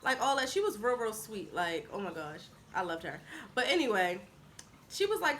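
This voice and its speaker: Bright high-voiced young woman telling a story. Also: fairly quick, slight background noise. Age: 20s. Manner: chatty, animated retelling with acted-out quotes. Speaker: vlogger. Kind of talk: casual storytime vlog.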